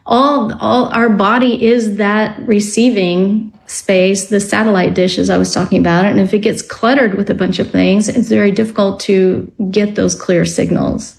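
A woman speaks as a guest on a radio talk show. Her delivery is reflective and explanatory. She slows down on some words as she works through her ideas. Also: medium pitch, fairly even intonation, vocal fry, rough recording. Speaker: guest author on dreams. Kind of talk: radio interview.

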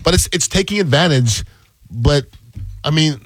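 A man chatting casually, throwing in quick wisecracks. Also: on the high side, animated, slightly rough, no echo. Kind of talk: casual chat.

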